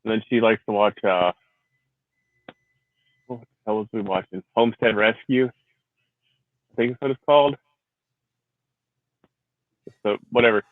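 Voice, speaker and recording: A man's voice: fairly low pitch, steady tone, a little slow, pauses often, no room sound. A man who is a Marine veteran hosting a casual livestream, rambling and swearing freely, laughing often. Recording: tinny phone-like sound.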